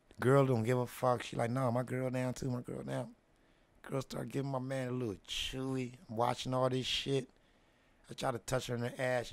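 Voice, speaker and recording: A man spins a long story in loose street slang, checking in with "you know what I mean?" and sinking into hushed asides. His voice is gravelly, and it sounds close and dry, with no room around it. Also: medium pitch, no echo. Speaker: host telling a story. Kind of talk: casual slang-heavy storytelling.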